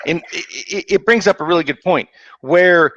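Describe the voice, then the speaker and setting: A man in casual livestream chat, excitable and stammering as he jokes about science theories. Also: a little high, moderate pace, dry recording, lo-fi sound.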